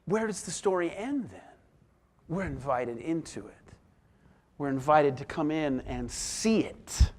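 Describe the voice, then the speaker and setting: A man preaching a sermon as pastor, reading scripture and explaining it, moving between emphatic exclamations and soft, hushed asides. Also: on the high side, lively intonation, measured pace.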